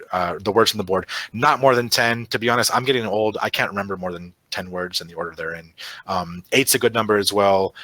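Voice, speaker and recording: Bright-voiced man leading a teacher webinar. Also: on the low side, dry recording. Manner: chatty, frequent tag "right?" and fillers. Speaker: teacher trainer. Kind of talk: online teacher-training webinar. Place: online video session.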